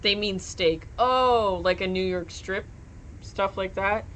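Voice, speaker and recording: Young woman streamer, mid-pitched, playful and giggly, casual desk-mic chat, light background hiss. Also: slow, fairly bright tone. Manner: playful, giggly, reads chat aloud with innuendo. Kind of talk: casual live-stream chat while gaming.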